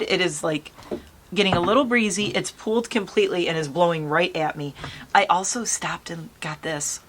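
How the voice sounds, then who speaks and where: Her tone fairly bright and her voice lowish, a beauty vlogger talks her viewers through her makeup at a moderate pace. She's outdoors in a gentle breeze, keeping the chat casual, lively and friendly.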